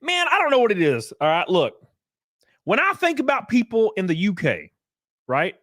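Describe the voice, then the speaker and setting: Lively young guy, high voice, profane rambling stream chat. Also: moderate pace, no room sound, studio quality. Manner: animated, rambling, profane, jokey. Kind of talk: casual livestream chat.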